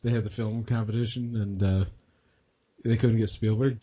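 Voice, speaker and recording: A man co-hosting a casual gaming podcast, jokey and quick to quote lines. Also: on the low side, little pitch movement, mellow. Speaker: podcast co-host. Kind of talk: casual chat. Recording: dull lo-fi podcast audio.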